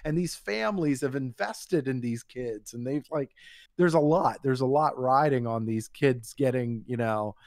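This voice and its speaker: Male co-host, gravelly mid-pitched voice, dry close sound, blunt and profane. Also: normal speed, a little mellow, no room sound. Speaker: podcast co-host. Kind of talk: casual chat.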